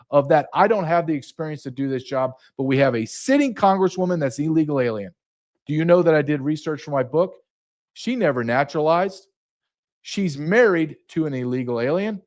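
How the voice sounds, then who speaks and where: A man's voice: fairly high pitch, a little mellow. A middle-aged man, a guest on a podcast interview, telling his story in a heated, emphatic way. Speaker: guest, retired border agent.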